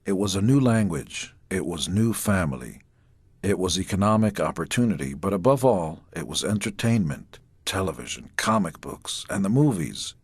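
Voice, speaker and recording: Middle-aged man from Israel, very low voice, reads his own memoir with deadpan timing, close and dry. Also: moderate pace, slightly rough, no room sound. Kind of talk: memoir audiobook narration.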